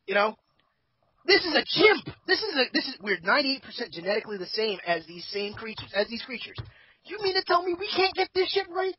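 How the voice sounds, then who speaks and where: A man's voice: very high voice, very animated, fairly quick, breathy edge, no echo, dull audio. A man hosting a casual group chat podcast, rambling and opinionated and swearing freely. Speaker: podcast host.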